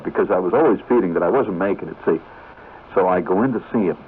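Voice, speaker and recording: A man telling a rambling story on the radio in an animated, conversational way. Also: low voice, quick pace. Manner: conversational, animated, full of you-knows and restarts. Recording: tinny 1970s radio broadcast with faint hiss.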